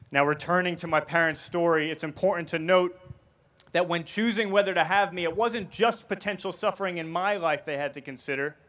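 A man's voice: a little high, a bit bright. A man giving an earnest festival talk on faith, telling a vivid personal story. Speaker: Christian speaker. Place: festival stage.

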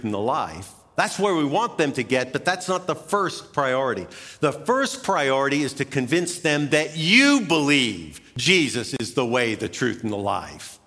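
A man preaching a sermon as pastor, with emphatic rises and soft drops. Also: fairly high pitch. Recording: long hall reverb.

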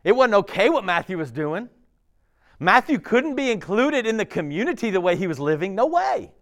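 A man preaching a sermon, his fairly high voice swinging widely up and down. He talks to the congregation in a casual, animated way, laughing and throwing in asides. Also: moderate pace. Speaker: pastor.

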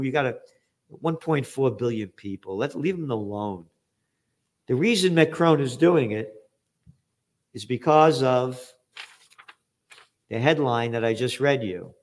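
A man's voice: mid-range voice, darkish tone. An older man giving blunt, sarcastic news commentary, reading out headlines and adding profane asides. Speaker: trends forecaster hosting a news commentary show.

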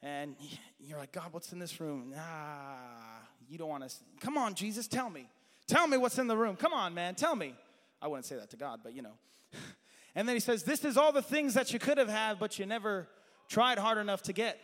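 A man preaching a sermon with passion, his voice climbing to shouts and then dropping to quiet asides, and saying he has strayed from his notes. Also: high-pitched, animated, normal speed, in a large hall.

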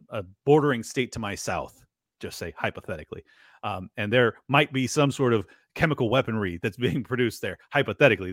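A man's voice: mid-range voice, fairly bright tone, no room sound, studio quality. A man hosting a podcast in casual political chat, sarcastic and rambling, swearing now and then. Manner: sarcastic, rambling, swears, acts out quoted voices. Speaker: podcast host.

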